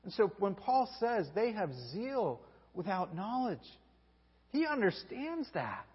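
A man preaching a sermon, telling the story with animated energy and acting out the people he quotes. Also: high-pitched, slow, slightly rough. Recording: dull recording with long hall reverb.

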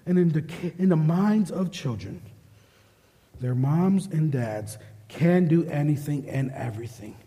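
Man, pastor, emphatic sermon delivery, repeats phrases, slightly high voice, reverberant sanctuary. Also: animated, a little slow, dark tone. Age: adult parent. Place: church sanctuary.

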